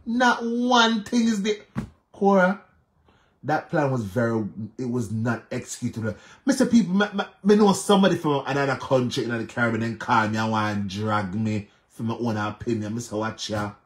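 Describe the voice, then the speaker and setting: A man with a Jamaican accent talks through online drama in casual commentary, his voice sitting on the low side. He is emphatic and repeats his points, sliding between patois and English. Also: fairly quick, hardly any pauses.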